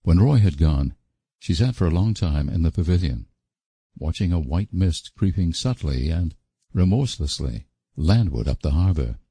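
A man narrating an audiobook in a measured, expressive storytelling manner. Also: deep voice, breathy edge, no room sound. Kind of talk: scripted narration.

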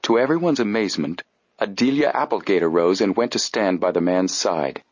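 A man reading an audiobook in steady, even scripted narration. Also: low-pitched, fairly quick, breathy edge, dry recording. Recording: dull dry studio audio.

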